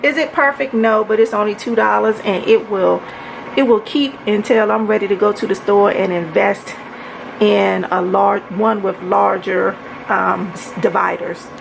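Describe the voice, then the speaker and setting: Woman from maryland, slow gravelly voice, chatty kitchen tour, faint hum behind. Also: mid-range voice, steady tone. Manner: chatty, addresses viewers as y'all. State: out of breath. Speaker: home organization vlogger. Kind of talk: casual home tour vlog. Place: home kitchen, evening.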